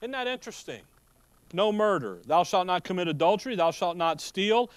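Folksy preacher man, fairly high voice. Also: big pitch swings, a little fast, clear, resonant tone, no echo. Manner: folksy, joking asides, rhetorical questions. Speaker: pastor. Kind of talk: sermon.

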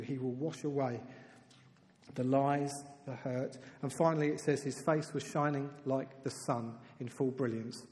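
A man preaching a sermon in a lively, conversational way, dropping to soft, emphatic tones for key points. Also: medium pitch. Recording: reverberant hall.

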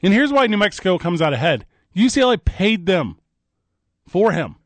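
A high-pitched man co-hosting a studio talk show, trading jokes with his partner. His voice leaps up and down as he talks. The sound is close and dry, with no room around it. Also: no room sound. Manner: animated, joking, quick asides. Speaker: co-host. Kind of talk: casual radio show banter. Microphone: studio mic.

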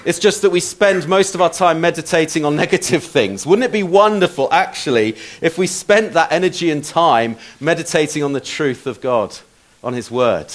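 A man's voice: fairly high pitch, normal speed. A man preaching a sermon in a conversational, self-deprecating way, with asides to the congregation.

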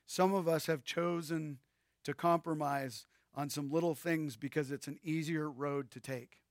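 A man's voice: fairly high pitch, fairly even intonation, a little slow, dry recording, studio quality. A male pastor preaching a sermon with emphasis and addressing his listeners directly.

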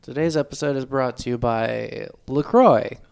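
A man co-hosting a comedy podcast, trading crude, deadpan jokes in casual banter. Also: medium pitch, normal speed, gravelly, clean tone. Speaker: podcast co-host.

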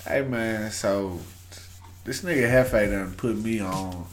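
A man's voice: fairly low pitch, slow, a little hiss or hum. A man co-hosting a podcast, talking in a laid-back slangy way with stammers and restarts. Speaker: podcast co-host. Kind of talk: casual chat.

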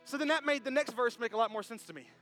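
A man preaching a sermon to his congregation, animated and jokey, who talks straight to the crowd. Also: very high-pitched, fast, soft background music. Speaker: pastor. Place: church service.

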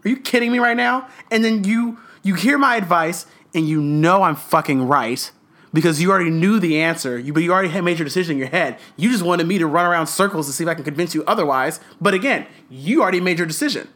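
A man co-hosting a podcast in casual chat, ranting with passion and swearing a lot, a little rough around the edges. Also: high-pitched, animated, fast talker, fairly bright tone. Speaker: podcast co-host.

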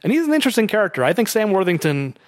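Higher-voiced opinionated man, dry sound. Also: rapid-fire, no room sound. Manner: opinionated, animated, mocking impressions. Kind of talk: casual movie discussion.

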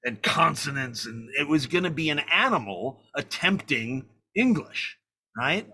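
A man telling a story in a conversation, animated and profane, acting out the people he talks about. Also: fairly high pitch, measured pace, slightly rough. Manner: animated, profane, acts out the people in his stories. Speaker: guest filmmaker.

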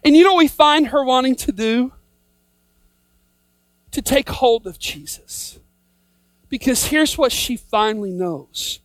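A woman preaching in a high voice, recorded close and dry. She drives home a repeated refrain, building up to shouts. Her delivery is fervent and emphatic. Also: lively intonation, a little slow, pauses often, no room sound. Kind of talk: sermon.

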